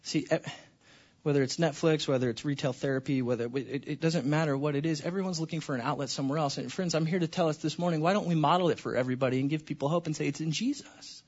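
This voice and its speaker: High-voiced pastor guy preaching, gets really fired up then goes quiet, kinda dull recording. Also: fast. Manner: passionate, swings from hushed to near-shouting. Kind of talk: sermon.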